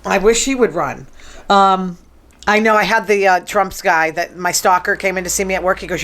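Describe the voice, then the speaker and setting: A woman hosting a show in casual chat, sassy and quick to tease. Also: medium pitch, a bit bright. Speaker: show host.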